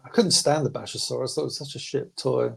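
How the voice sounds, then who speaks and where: A man chatting casually as a podcast host reviewing comics, animated and quick to mimic voices. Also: mid-range voice, creaky, breathy edge. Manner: animated, slips into mocking voices for quotes. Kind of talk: casual chat.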